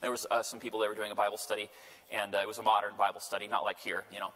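A man's voice: on the low side, flat delivery, very fast, fairly bright tone. A male priest giving a conversational Bible study lecture, checking in with his listeners as he goes. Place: parish lecture room. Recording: long hall reverb.

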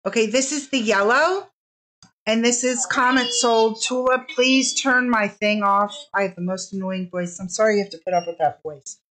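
A chatty woman runs a live-streamed sale with a fairly high voice. She gushes and apologizes in easy, casual talk. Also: normal speed, fairly bright tone, poor audio.

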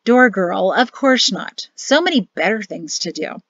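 A woman's voice: mid-range voice, lively intonation, a little slow, fairly bright tone, dry recording. A woman voicing a cocky young male lieutenant in an audiobook, taunting and dismissive. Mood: mocking. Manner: mocking, scoffing, dismissive taunts. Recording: dull lo-fi dry audio.

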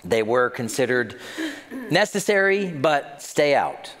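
A man's voice: mid-range voice, slow. Pastor guy preaching, voice jumps all over, big echoey church hall. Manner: animated storyteller who acts out the scenes. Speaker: senior pastor. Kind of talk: sermon. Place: church sanctuary.

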